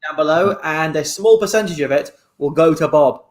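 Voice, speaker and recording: Man making wry deadpan asides. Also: a little high, moderate pace. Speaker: improv comedian. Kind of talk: casual banter.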